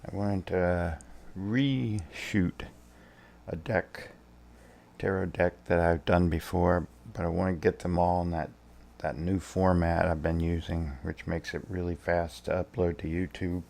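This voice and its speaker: A man in his sixties talks in a very low, gravelly voice. He rambles easily and thinks out loud, like a tarot reader chatting on a home vlog. His manner stays relaxed and unhurried. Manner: rambling, easygoing, thinking aloud. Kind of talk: casual vlog.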